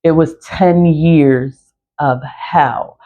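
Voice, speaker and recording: A woman's voice: low-pitched, very slow, warm tone. A woman in her forties telling a personal story in a blunt, profane, casual rant, laughing often. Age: 40s. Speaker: spiritual products seller. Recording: dull lo-fi recording.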